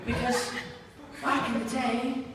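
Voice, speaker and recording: A young Northern Irish man does a rambling stand-up set in a small venue, full of self-deprecating humor and sardonic asides. His voice is extremely high, monotone and slow. Picked up by a distant mic in an echoey hall, the set is backed by a loud crowd and audience laughter.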